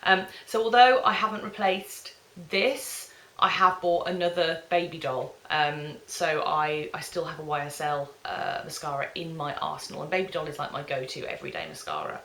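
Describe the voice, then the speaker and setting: Chatty woman vlogger, bright tone. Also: low-pitched, moderate pace. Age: 30s. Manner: chatty, bubbly, lots of ums. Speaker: beauty vlogger. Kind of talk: casual product review chat. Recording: echoey room.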